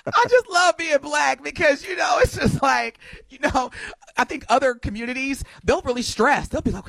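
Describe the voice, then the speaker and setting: Lively, laughing woman radio host. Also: high voice, normal speed, creaky, no room sound. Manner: animated, laughs often, reads listener messages aloud. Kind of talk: casual talk radio chat.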